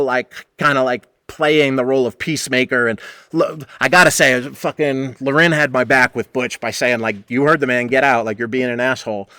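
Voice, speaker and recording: Forceful, profane man telling a story. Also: mid-range voice, no room sound. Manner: profane, rambling, animated. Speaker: podcast host. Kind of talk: casual storytelling monologue.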